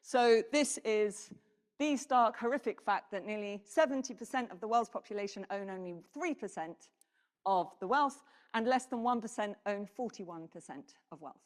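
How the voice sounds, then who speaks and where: A woman giving a conference presentation, animated and putting questions to the audience. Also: mid-range voice, normal speed. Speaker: keynote speaker. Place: conference hall. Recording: reverberant hall.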